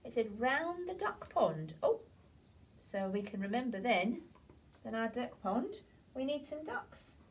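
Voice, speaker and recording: A woman teacher, gently retelling a story to young children in a drawn-out, sing-song way. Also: fairly high pitch, lively intonation. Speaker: primary school teacher. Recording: voice from a distance off the mic.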